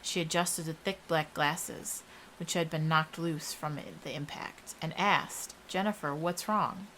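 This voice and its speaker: A young woman narrating a first-person horror story in a steady storytelling voice. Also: low-pitched, takes it slowly, slight background noise, low-quality recording.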